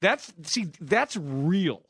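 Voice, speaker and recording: Lively sports radio host, dry studio sound. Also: male voice, high voice, extremely slow, slightly rough, no echo. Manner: animated, laughs often, loose restarts. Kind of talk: casual radio talk.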